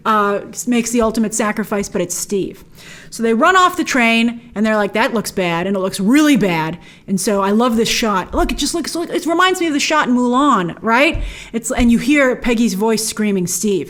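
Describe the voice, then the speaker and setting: A woman's voice: a little high, animated, moderate pace, a bit bright. A woman hosting an episode breakdown, narrating scenes with enthusiasm and playful quoted lines. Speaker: host.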